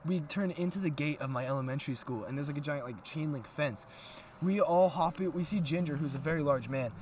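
A man's voice: on the high side, brisk, a little hiss or hum. Swearing young man telling wild stories. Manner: loose, profane, animated storyteller. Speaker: podcast co-host. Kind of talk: casual storytelling chat. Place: outdoors at an abandoned aqueduct at night.

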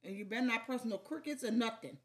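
A woman's voice: a little high, quick pace, slight background noise. A woman co-hosting a casual marriage talk with her husband, teasing and scolding him and laughing. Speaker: co-host giving marriage advice. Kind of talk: casual chat.

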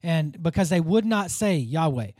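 A man with a fairly high voice teaches through a Bible passage in an earnest, informal way. He thinks aloud and restarts sentences as he goes. The sound is dry and close, with no room ring. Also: expressive, normal speed, a little mellow, no echo.

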